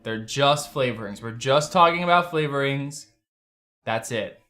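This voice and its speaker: A young adult man hosting a casual livestream from his desk, telling a story in an animated, profane way. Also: mid-range voice, measured pace. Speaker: livestream host. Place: home desk.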